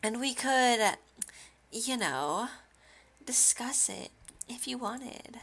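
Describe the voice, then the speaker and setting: Yuri, a shy soft-spoken girl, as a woman reads her. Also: a little high, lively intonation, slow, slightly rough, voice pushed up, exaggerated voice. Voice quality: quiet, hesitant. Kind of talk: reading game dialogue aloud.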